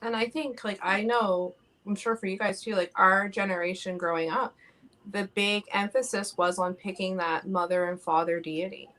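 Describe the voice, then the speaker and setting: Earnest, reflective woman co-host with a bright tone, casual talk. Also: mid-range voice, steady tone, normal speed, low-quality recording. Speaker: co-host of a witchcraft talk show. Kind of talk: casual chat.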